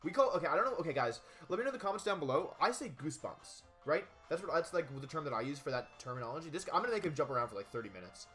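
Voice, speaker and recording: An excitable young man talks through a video game in a casual let's play, full of jokey asides. His voice is bright and slightly high for a man, with lively swings in pitch. Faint game music plays behind him. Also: racing, hardly any pauses.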